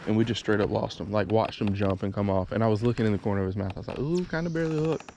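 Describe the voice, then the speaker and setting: Gravelly-voiced man fishing from a kayak. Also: lowish voice, racing. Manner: excitable, frustrated, talks to himself. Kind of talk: casual vlog talk to camera. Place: outdoors on a kayak on a lake. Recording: noisy outdoor camera audio.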